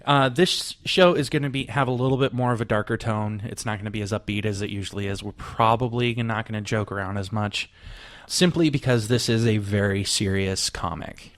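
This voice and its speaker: A man's voice: fairly low pitch, a little fast. A man co-hosting a casual podcast, joking around and then talking earnestly. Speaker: podcast co-host.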